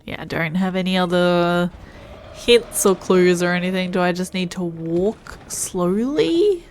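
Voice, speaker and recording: A woman's voice: fairly low pitch, unhurried, darkish tone, slight background noise. A woman streaming a video game, thinking aloud and musing to herself as she plays. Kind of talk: casual gameplay commentary.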